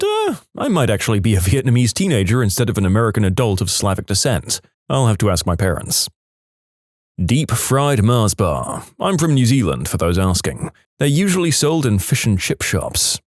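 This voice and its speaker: A man narrating online comments in a scripted reading, with a wry, lively delivery and small laughs. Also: mid-range voice, no room sound, studio quality.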